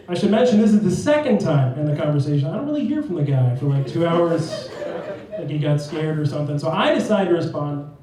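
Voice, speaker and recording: A brash, profane young man works through a stand-up set on a comedy club stage, his voice sitting a bit high for a man. The sound comes from a distance through a very echoey room with faint noise behind it. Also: animated, fairly quick, crowd noise. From New Jersey. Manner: brash, profane, acts out both sides of text chats in raised voices.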